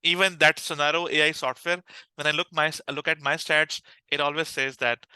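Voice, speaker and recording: A man with a Pakistani English accent talks about his work, full of energy, with plenty of restarts and fillers. His voice is very bright and smooth. The sound is dry and close, with no room echo. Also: fairly high pitch, steady tone, moderate pace. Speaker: customer success manager, podcast guest. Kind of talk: conversational interview answers.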